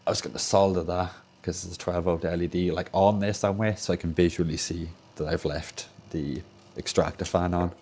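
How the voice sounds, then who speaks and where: A man's voice: low voice, steady tone, a little fast, darkish tone, breathy edge. A young Welsh man with a Welsh accent, chatting casually and rambling as he repairs controllers on a livestream in his home workshop. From Wales. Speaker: streamer repairing game controllers. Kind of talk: casual livestream chat while tinkering. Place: home workshop with soldering bench.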